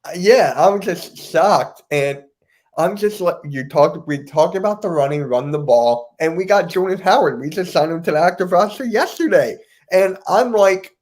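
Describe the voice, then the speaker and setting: A man with a somewhat high voice chats on a sports podcast. He sounds animated and incredulous and keeps asking why things happened. His tone stays loose and casual. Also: normal speed. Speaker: podcast host.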